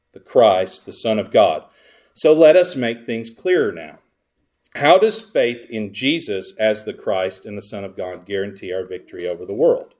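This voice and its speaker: A male pastor preaching a sermon, sarcastic and full of rhetorical questions put to the congregation, with sudden swings between loud emphasis and quiet asides. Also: lowish voice.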